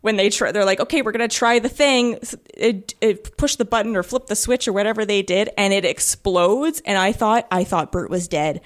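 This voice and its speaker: A woman's voice: medium pitch, normal speed, hardly any pauses. A woman co-hosting a casual game podcast, enthusiastic and acting out characters' lines as she retells scenes. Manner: enthusiastic, acts out quotes. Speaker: podcast co-host. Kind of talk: casual chat about a video game.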